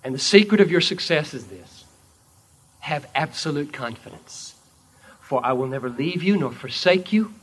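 A man preaching, voicing Jesus as a calm, commanding king in a solemn, measured way. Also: on the high side.

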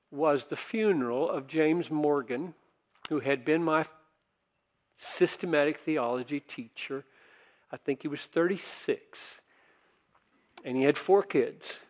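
Slow, animated older male preacher. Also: a little high. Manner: conversational preaching that swells to forceful emphasis. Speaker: pastor. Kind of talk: sermon.

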